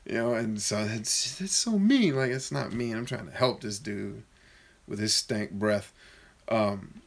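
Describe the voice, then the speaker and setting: A man's voice: flat delivery, gravelly. A man coaching viewers in a casual live-stream Q&A, reading their comments aloud and answering bluntly with jokes. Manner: mocks shrill voices in quick bursts.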